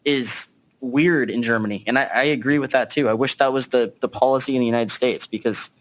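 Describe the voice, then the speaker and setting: A man's voice: medium pitch, steady tone, a little fast. A man hosting a podcast, leading a casual political discussion with frequent fillers. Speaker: podcast host.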